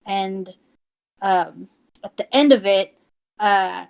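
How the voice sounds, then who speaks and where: A young adult woman talks casually as a podcast guest. She rambles, doubling back and leaning on fillers. Her voice sits at an ordinary middle pitch. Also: takes it slowly, creaky, clean tone. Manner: rambling, many fillers and restarts. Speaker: podcast guest, fan artist. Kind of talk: casual interview chat.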